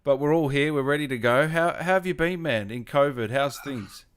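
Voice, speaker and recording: Male gaming host, mid-range voice, chatty and excitable, casual live-stream delivery over a video call. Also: mid-range voice, normal speed, smooth. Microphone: home microphone on a video call.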